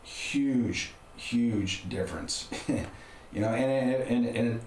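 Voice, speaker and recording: A man's voice: medium pitch, slow pace, a little mellow. Man, middle-aged, conversational and candid, faint background hiss, casual storytelling. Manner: candid, conversational, frequent restarts. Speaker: podcast guest. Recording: roomy room with faint background noise.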